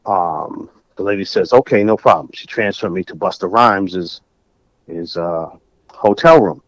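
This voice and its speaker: A man's voice: low-pitched, unhurried, dry recording, highs cut off. A middle-aged man from Massachusetts, a music producer telling stories in a casual interview. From New Bedford, Massachusetts. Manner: animated, acts out dialogue. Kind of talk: storytelling in casual conversation.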